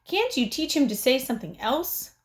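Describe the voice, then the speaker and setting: A woman's voice: high-pitched, big pitch swings, moderate pace, pitched above the performer's own voice. A woman reading the lines of an exasperated, sarcastic older brother, near her own voice. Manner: sarcastic, grumbling.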